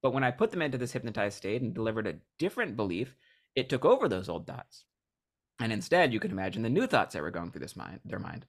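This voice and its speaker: Animated storytelling man. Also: lowish voice, quick pace, vocal fry. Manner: animated storyteller, acts out voices of people he describes. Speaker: hypnotist guest. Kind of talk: casual podcast interview.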